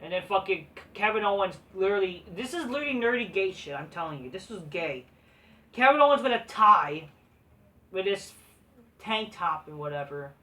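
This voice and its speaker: Brief: woman wrestling reviewer, foul-mouthed scornful rant, mid pitch, mic set back. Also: animated, moderate pace, pushed and bright. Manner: crude, profane, scornful ranting. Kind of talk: ranting show review. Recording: voice distant from the mic.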